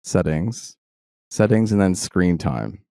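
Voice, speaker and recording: A man with a Spanish accent, chatting as a podcast co-host and telling jokey stories in a casual, animated way. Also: low voice, takes it slowly, dry recording, studio quality. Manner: joking, animated storyteller. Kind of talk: casual chat.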